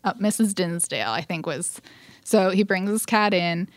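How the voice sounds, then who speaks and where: A woman's voice: fairly low pitch, normal speed, no echo. A woman co-hosting a podcast, retelling a story in casual chat with lots of fillers and quoted voices. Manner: animated retelling, acts out quotes, frequent fillers. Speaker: podcast co-host.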